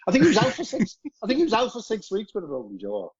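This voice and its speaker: A man's voice: high-pitched, wildly swooping pitch, racing. A middle-aged man, a former footballer, telling anecdotes in casual chat, swearing freely and chuckling through his stories. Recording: dull lo-fi podcast audio.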